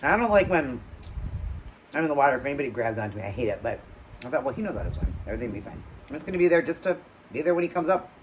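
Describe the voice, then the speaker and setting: A woman hosting her own channel, telling a story in a loose, chatty way, getting louder and higher at tense moments and dropping to low murmurs between them. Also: racing, slight background noise, low-quality recording. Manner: animated retelling with acted quotes, trailing off into low murmurs. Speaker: channel host. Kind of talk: casual storytelling while eating.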